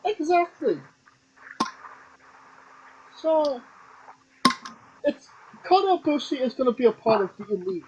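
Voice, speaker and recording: A man's voice: extremely high pitch, sing-song, measured pace, pauses often. A man co-hosting a podcast, reading through wrestling news in a rambling way, full of ums. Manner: rambling, filler-heavy delivery with frequent ums. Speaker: podcast co-host. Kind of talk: casual wrestling news chat. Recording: dull lo-fi audio with clear noise.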